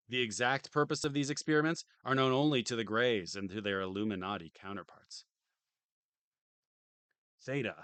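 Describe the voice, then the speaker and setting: A man's voice: medium pitch, fairly bright tone, no room sound. A tired man streaming from home, reading a game manual aloud on a close desk mic and tossing in dry joking asides. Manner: dry, joking asides between read passages.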